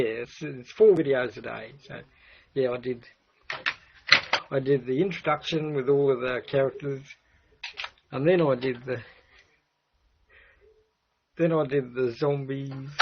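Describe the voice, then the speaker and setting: A man's voice: medium pitch, creaky, slight background noise. A man hosting a livestream, meandering through his thoughts with many restarts. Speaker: livestream host. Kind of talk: rambling livestream chat. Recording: dull lo-fi stream audio.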